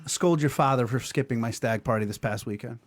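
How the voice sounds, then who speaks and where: A middle-aged man hosts a loose podcast chat in a mid-pitched voice. He needles his co-host with dry sarcasm and swears freely. He reads an ad read in the same offhand way. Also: a little fast, noisy background. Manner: sarcastic, profane ribbing. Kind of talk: casual banter.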